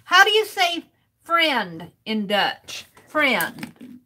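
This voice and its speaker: A woman's voice: sits high, sing-song, drawn-out words, bright, forceful tone, a little hiss or hum. A woman chatting casually with viewers on a live art stream while she cuts a stencil, greeting people by name and sounding out words playfully.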